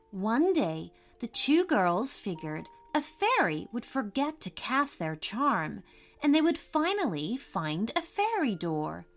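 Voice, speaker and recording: A woman narrating a scripted children's story in a gentle, expressive way. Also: medium pitch. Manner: gentle, slow and expressive reading.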